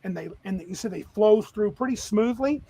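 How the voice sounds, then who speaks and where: A man running a tabletop game as game master, describing scenes in a lively, rambling way. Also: sits high, moderate pace, rough recording.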